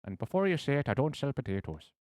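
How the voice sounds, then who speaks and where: Brief: a chirpy shopkeeper with a hammed-up stage-Irish lilt, pitched well up and brassy, as a man puts him on. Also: very animated, normal speed, no echo, studio quality. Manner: over-the-top stage-Irish phrasing, loud and bouncy. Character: cheerful male weapon vendor with a hammy mock-Irish lilt.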